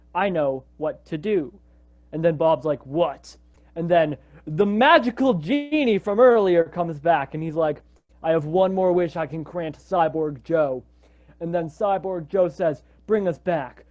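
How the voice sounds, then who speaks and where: A young man with a high, lively voice improvises a silly story, jumping between characters' quotes in quick bursts. The recording is muffled and lo-fi. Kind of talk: improvised round-robin storytelling. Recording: dull lo-fi recording.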